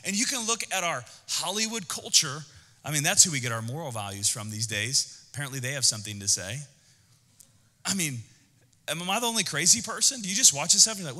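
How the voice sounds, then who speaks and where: A man preaching a sermon as pastor, animated and conversational, with jokes. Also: fairly high pitch, brisk, big-room sound. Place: church auditorium.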